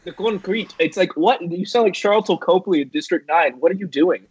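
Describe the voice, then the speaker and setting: A man's voice: high-pitched, brisk, husky, lo-fi sound. A man on a film podcast panel, chatting casually with jokey asides. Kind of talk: casual chat.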